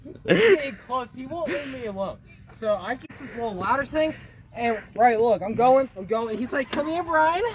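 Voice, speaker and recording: A man's voice: very high-pitched, moderate pace. Playful man clowning on a playground. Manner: playful, giggly, over-the-top. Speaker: vlogger. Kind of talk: mock tutorial, joking. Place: outdoor playground. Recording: noisy outdoor phone recording.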